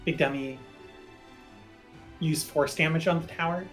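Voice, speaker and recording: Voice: medium pitch, steady tone, measured pace. A tabletop game player speaks in a middling voice, casual and hesitant, dotting the talk with fillers. Faint music plays in the background.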